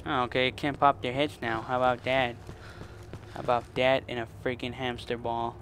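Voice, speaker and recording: A man's voice: mid-range voice, flat delivery, normal speed, a bit bright, a little hiss or hum. A man commenting on his own gameplay, muttering and cursing at the game in frustration. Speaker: gaming channel host. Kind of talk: let's play commentary.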